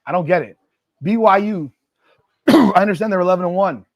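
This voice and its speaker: Guy doing a live football watch stream, kinda high voice, dry close mic, gets loud and repeats himself. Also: moderate pace, no room sound. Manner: excitable sports fan talk with repetitions, shouting at plays. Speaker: host of a sports live stream. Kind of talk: live watch-party reaction.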